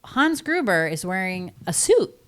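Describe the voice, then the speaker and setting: A woman co-hosting a podcast, explaining a movie plot in a relaxed, hesitant way. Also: fairly low pitch, unhurried. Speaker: podcast co-host. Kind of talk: casual movie recap chat.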